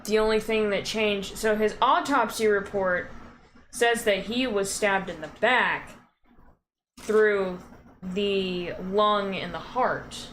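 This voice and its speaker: A woman's voice: medium pitch, slow, fairly bright tone, slight background noise. A woman co-streaming a game, chatting casually with crude, blunt jokes and reading game lines aloud. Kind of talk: casual let's-play chat, reading game dialogue. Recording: game music behind the voice.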